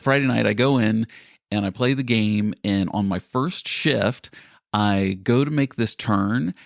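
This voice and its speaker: A middle-aged man co-hosts a casual podcast, telling a long story and laughing at himself along the way. His voice sits low with a gravelly edge. The sound is dry and close. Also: a little slow, no echo. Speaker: podcast co-host. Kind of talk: casual chat.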